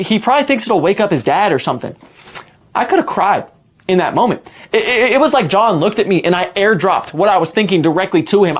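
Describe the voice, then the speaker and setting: A young man recounting a story from his own life in an animated, rambling way. His voice rises and falls a great deal, and he fills his sentences with "like" and restarts. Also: high-pitched. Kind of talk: casual storytime narration.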